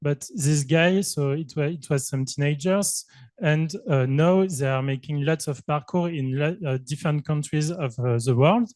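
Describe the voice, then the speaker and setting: A man's voice: a little high, normal speed, a little mellow, dry recording. A man from Brittany with a French accent, a researcher and youth worker speaking on a panel, hesitant and full of filler sounds. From Brittany, France. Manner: hesitant, many filler sounds, self-conscious. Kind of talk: panel discussion.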